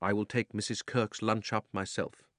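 A man's voice: on the low side, level tone, moderate pace, a bit bright, no room sound, studio quality, natural voice. A man voicing a stern, tough old aunt who speaks in icy, disapproving tones in an audiobook reading.

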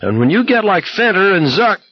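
A male reader voicing a bitter young man who croaks and blares crude rants in a shrill voice. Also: very animated, moderate pace, no echo, dull audio. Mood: shrill ranting. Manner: harsh, blaring, crude.

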